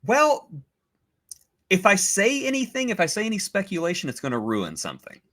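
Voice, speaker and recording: A man's voice: high-pitched, huge pitch swings, a little fast, sharp tone. A man co-hosting a podcast in casual chat, enthusiastic and teasing about spoilers. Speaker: podcast co-host.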